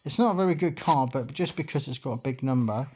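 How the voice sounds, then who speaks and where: Guy doing let's play commentary, chatty and rambly, lots of ums, middle pitch voice. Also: quick pace, mellow, slightly rough. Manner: rambling and chatty, many fillers. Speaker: gaming channel host.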